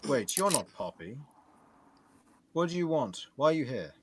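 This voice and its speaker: A man's voice: mid-range voice, very animated, normal speed, noisy background, lightly acted. A man voicing a proud, frustrated young ghost butler who speaks curtly and impatiently. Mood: irritated. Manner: curt, impatient, commanding.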